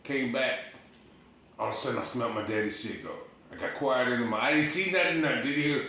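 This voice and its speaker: A middle-aged man telling lively, profane stories in a casual chat, laughing often. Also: mid-range voice, fairly quick, distant mic. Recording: echoey room with faint noise.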